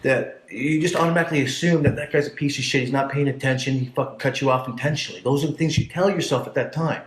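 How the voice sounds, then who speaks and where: A man's voice: mid-range voice, fast. A man from Canada, a podcast guest, telling his life story in blunt, profane, casual talk. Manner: blunt and profane, acts out voices in his stories. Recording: echoey room.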